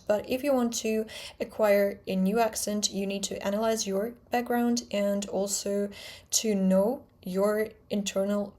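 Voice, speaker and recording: A young woman whose first language is Russian talks through a lesson in English with a British accent, at a middling pitch for a woman. She is chatty and candid, and she often corrects herself mid-sentence as she explains. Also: a little mellow. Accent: British English with a Russian background. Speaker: language teacher and vlogger.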